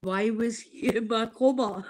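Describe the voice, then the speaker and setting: A woman's voice: fairly high pitch, fairly even intonation, slow pace, a little mellow. A woman in her fifties gives an earnest, heartfelt testimony on a live stream, swearing casually as she talks. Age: 50s. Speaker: guest sharing a personal testimony.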